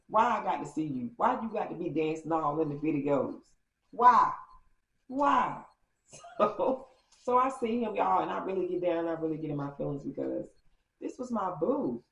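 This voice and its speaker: A woman vlogger telling a story in a casual, animated way, acting out quotes with big jumps in pitch. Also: creaky, reverberant, muffled recording.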